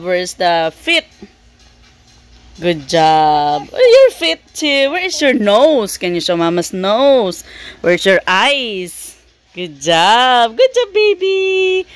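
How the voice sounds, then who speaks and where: A young woman playfully teaching her toddler animal names, praising slowly and imitating animal sounds at home. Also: fairly high pitch, a bit bright. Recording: noisy home recording.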